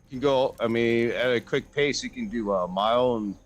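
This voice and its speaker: A man's voice: mid-range voice, normal speed, highs cut off, soft background music. A man playing a tabletop role-playing game, casual and hesitant, repeating words as he decides. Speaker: player.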